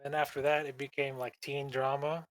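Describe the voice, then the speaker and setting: Man with deadpan, teasing quips. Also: medium pitch, moderate pace, low-quality recording. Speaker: podcast co-host. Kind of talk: casual chat.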